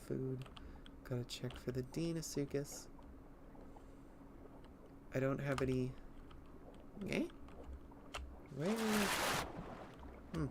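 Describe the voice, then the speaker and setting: Giggling and rambling in a nerdy way, a streamer gives livestream gameplay commentary from a home setup. The voice is medium-pitched against a noisy background.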